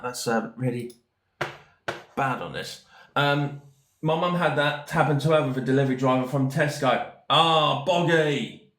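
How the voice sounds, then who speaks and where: A man's voice: a little high, a bit bright, a little hiss or hum. A man hosting a podcast, telling a story casually with many fillers and restarts. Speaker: podcast host. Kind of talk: casual storytelling while reading chat. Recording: echoey room.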